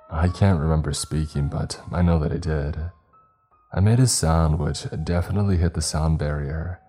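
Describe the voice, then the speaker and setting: A man reading a horror story aloud in a measured, dramatic first-person narration. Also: rumbling low, dark tone.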